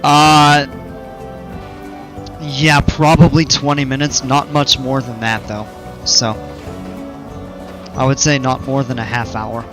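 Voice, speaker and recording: A man's voice: mid-range voice, level tone, slow pace, long pauses, over music. A man casually commenting on a game during a live stream, chatting with viewers in an easygoing, rambling way.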